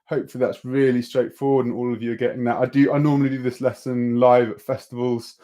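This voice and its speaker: A man in his thirties leads a live-streamed beatbox lesson at a medium pitch. He talks casually and loosely, peppering his sentences with ums as he explains the basics. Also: level tone, fast, mellow. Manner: casual, many filler ums. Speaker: beatbox teacher.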